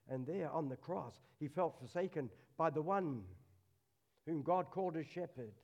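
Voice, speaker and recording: A middle-aged man preaching a sermon at a church service, earnest, dropping to a hush on solemn lines. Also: a little high, normal speed.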